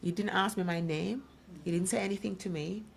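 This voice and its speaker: Low gravelly middle-aged woman. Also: fairly even intonation, fairly quick, slight background noise. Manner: emphatic storytelling, acts out others' voices. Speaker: guest speaker. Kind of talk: personal testimony in a talk program.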